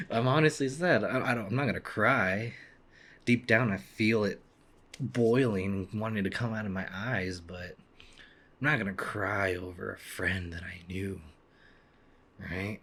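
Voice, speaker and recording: A young man playing a video game and commenting casually, swinging from frantic yelling to quiet muttering and reading the game's lines aloud. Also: on the low side, a little slow, long pauses, breathy edge. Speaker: let's play gamer.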